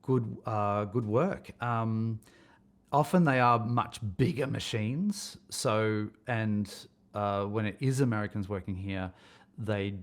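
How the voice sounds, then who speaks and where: A man's voice: lowish voice, slow. A middle-aged man, speaking as a podcast guest in a thoughtful, rambling way with many restarts. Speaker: casting director and acting coach. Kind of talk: podcast interview.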